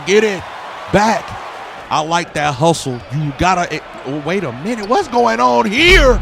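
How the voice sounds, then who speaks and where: Hype gamer guy, high gravelly voice, shouting and singing over loud game music. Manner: hype, slangy, shouts and sings along with the play. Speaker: gaming YouTuber. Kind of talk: casual game commentary.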